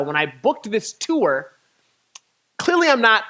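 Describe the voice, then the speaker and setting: A poet shares a personal road story from a church stage, his voice bright and clear and set a little above the usual male pitch. He tells it candidly and with animation, letting small laughs slip between lines. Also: sing-song, measured pace, long pauses. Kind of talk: spoken storytelling talk. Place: church venue.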